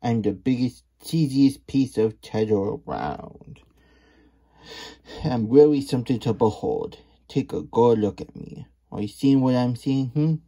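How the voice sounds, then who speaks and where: A man's voice: medium pitch, unhurried, mellow. A man voicing a boastful talking cheese wheel in a storybook reading, with a showy, bragging delivery.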